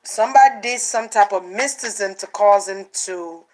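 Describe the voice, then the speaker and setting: A woman's voice: medium pitch, moderate pace, rough recording. Woman giving a casual tarot reading. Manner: animated, repeats herself, acts out quotes. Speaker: tarot card reader. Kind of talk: casual spiritual card reading.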